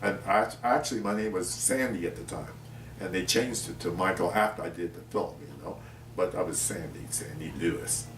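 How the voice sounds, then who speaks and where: An older man, an actor, telling animated anecdotes in an interview. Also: deep voice, moderate pace, background noise. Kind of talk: storytelling in an interview. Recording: echoey room, mic at a distance, faint ambience.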